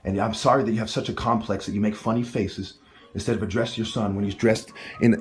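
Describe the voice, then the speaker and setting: A man's voice: fairly low pitch, steady tone, quick pace. A man filming a heated family argument, talking in an insistent, lecturing way. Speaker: son filming an argument with his mother and police. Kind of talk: heated home recording.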